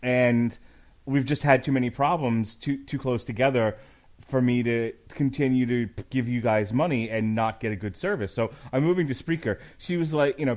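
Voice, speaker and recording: A man's voice: medium pitch, darkish tone. A man hosting a podcast, chatting in a rambling, wry, casual way. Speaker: podcast host.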